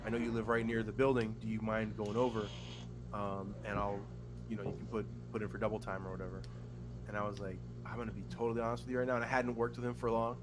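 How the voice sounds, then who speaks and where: This podcast co-host talks fast in a fairly low voice against a noisy background. His long, laid-back story is profane and rambling, full of fillers and other people's voices, which he performs with animation.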